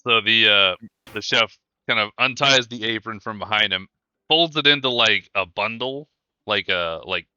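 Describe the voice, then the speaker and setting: A man's voice: on the low side, moderate pace, pushed and bright, clean tone, dry recording, lo-fi sound. A man running a tabletop game as game master, narrating scenes in rambling descriptions. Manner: rambling descriptions, many fillers.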